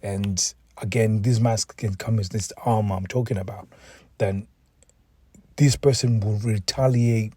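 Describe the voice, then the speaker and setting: Speaking earnestly on his solo podcast, this relationship coach has a medium-pitched, dark voice with a breathy edge, recorded without echo. Emotionally drained and mentally worn out, he keeps repeating words and starting sentences over.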